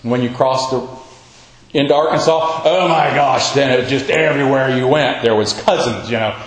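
A man's voice: medium pitch, moderate pace, crowd noise. A middle-aged male preacher giving a sermon with folksy, humorous storytelling in a church hall. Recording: echoey hall.

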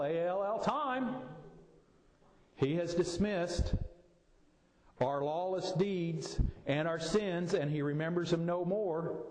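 Man, middle-aged, folksy sermon, unhurried delivery, slightly high voice, reverberant church hall. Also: darkish tone. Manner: folksy, explains slowly with homely examples. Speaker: pastor. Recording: echoey hall, voice from a distance.

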